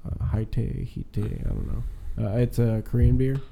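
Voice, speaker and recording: A man with a mellow, warm tone chatting loosely with his buddies. His talk is slangy and full of swearing, and he tells stories in a rambling way. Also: mid-range voice, steady tone, normal speed, vocal fry, slight background noise. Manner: slangy, profane, rambling storyteller. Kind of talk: casual crude chat among friends.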